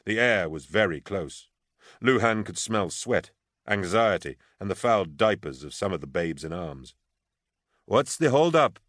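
A man narrating a novel in a measured, even storytelling voice. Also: sits low, dry recording, clean studio sound. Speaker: audiobook narrator. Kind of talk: scripted narration.

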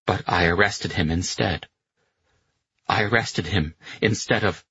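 A man voicing a young Italian man, accusing and shouting, then sick with guilt. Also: deep voice, measured pace, husky, no echo, highs cut off, exaggerated voice. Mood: anguished.

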